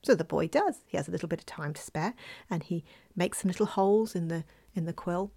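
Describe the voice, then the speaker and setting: Expressive woman telling a folk tale. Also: on the low side, fairly quick, creaky, husky. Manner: lively, expressive, dips into whispers. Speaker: storyteller.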